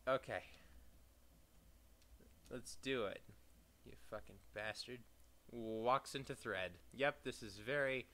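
With a mid-range voice, this young let's play gamer narrates his gameplay casually and with plenty of swearing. Sarcastic remarks punctuate his reading of on-screen text, along with sudden loud outbursts.

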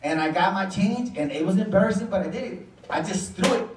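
A man's voice: high voice, lively intonation, fairly quick. Chicano english guy doing stand-up, swears a lot, rambles about himself, mic kinda far, echoey club. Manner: profane, rambling, self-deprecating storytelling. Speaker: stand-up comedian. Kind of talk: stand-up comedy set. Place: comedy club stage. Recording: roomy club sound, mic far off, crowd laughing. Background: audience laughter.

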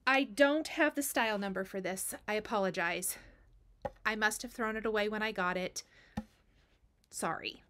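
A woman's voice: mid-range voice, normal speed, long pauses, pushed and bright. A woman hosting a cross stitch video, chatting casually and gushing over her finished pieces, repeating words for emphasis. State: has the hiccups. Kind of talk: casual show-and-tell chat.

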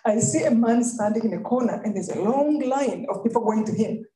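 A woman from Rwanda with a Rwandan accent, giving a faith-based storytelling talk as a guest speaker, lively and often laughing. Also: a little high, brisk, a little hiss or hum. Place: college event hall. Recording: echoey room.

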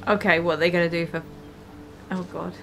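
A woman's voice: on the low side, fairly even intonation, fairly quick, gravelly, fairly bright tone, soft background music. A woman hosting a reaction video, chatting casually, full of exclamations and frequent laughter.

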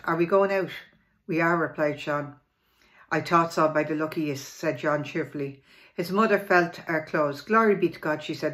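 A woman reading a local history memoir aloud in a plain, steady way, with small slips and restarts. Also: sits low.

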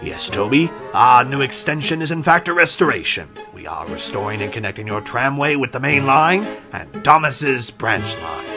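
A man voicing a stout male railway boss who speaks sternly and booms, but is kind, over background music. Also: big pitch swings, moderate pace, vocal fry, hardly any pauses. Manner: stern and booming.

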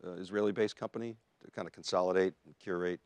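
Man, low pitch, dry close mic, upbeat podcast co-host. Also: steady tone, quick pace, darkish tone, no echo. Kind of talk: casual tech chat.

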